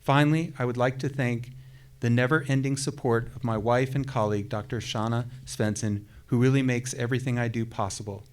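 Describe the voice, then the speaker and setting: A man's voice: mid-range voice, fairly even intonation, a little fast. A man at a commencement ceremony reading a colleague's acceptance remarks aloud, chatty and hesitant, with many fillers. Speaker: faculty colleague reading remarks on another's behalf. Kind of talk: podium speech reading a prepared statement.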